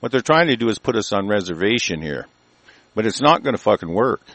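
A man's voice: fairly low pitch, very animated, fairly quick, fairly bright tone, dry recording. A middle-aged man calling in to a talk show, ranting in a heated, profane, rambling way with many restarts. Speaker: caller. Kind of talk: angry call-in rant. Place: rural mountain area.

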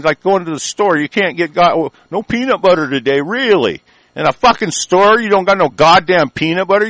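A man's voice: a little high, a bit bright, dry recording, low-quality recording. Profane, ranting man, dry sound. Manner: profane, rambling, emphatic. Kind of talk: angry political rant.

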